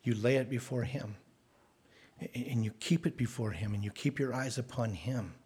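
A man's voice: mid-range voice, moderate pace, darkish tone, breathy edge. A man preaching a sermon in an earnest, conversational way, often restarting his words.

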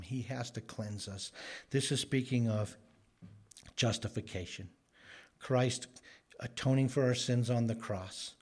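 A male preacher delivers an expository sermon in a husky, slightly breathy voice. His pitch sits in an ordinary middle range. He presses hard on key phrases and briefly acts out the people he quotes. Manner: emphatic, voices the characters in quotes.

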